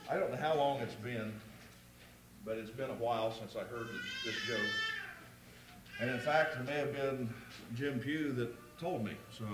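A man preaching a sermon to a congregation in a folksy, relaxed storytelling way. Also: medium pitch. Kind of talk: sermon with a joke.

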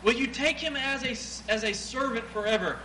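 A man preaching a sermon, reading scripture aloud, swinging between loud emphatic passages and quieter asides. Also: very high voice, moderate pace. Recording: echoey room with clear background noise.

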